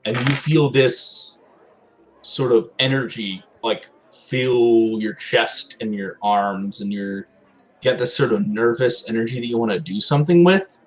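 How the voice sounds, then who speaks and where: A man narrating a tabletop game as game master, rambling through descriptions with lots of filler words and slowing down on the details. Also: mid-range voice, poor audio. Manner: meandering, hedging with filler words, slows down on descriptions.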